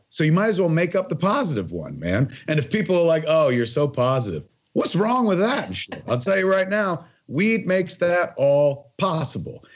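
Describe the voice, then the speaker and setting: A man in his forties speaks as a podcast guest, husky and a bit breathy. His pitch swings widely as he rambles emphatically and swears freely. The audio is muffled and lo-fi. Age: 40s. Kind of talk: casual conversational interview.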